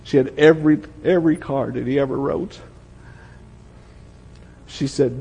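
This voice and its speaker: An older man with a Southern American accent, preaching a sermon and telling stories, softening to a hush at tender moments. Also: mid-range voice, a little slow, vocal fry, pauses often, husky, muffled recording. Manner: storytelling, drops to a soft hush for emotional moments. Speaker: pastor. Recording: long hall reverb.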